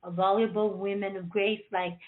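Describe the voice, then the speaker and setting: A woman's voice: medium pitch, little pitch movement, moderate pace, heavy background noise. Playful rambling woman over a tinny line. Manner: rambling, playful, laughing at her own jokes. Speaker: radio show host. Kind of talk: casual joking chat before a show.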